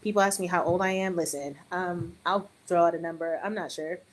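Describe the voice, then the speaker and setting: A middle-aged woman and early childhood educator, chatting on a podcast in an animated way with joking asides. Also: on the low side, fairly quick, low-quality recording. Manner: animated, joking asides, quotes others in raised voice. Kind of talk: casual podcast conversation.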